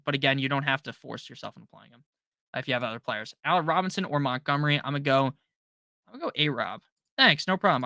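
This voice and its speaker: A man hosts a casual live stream from a close desk mic, running through viewer questions one after another and joking between answers. His voice is bright and forceful, pitched a little high, in a dry, close sound. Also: no echo. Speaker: fantasy football stream host.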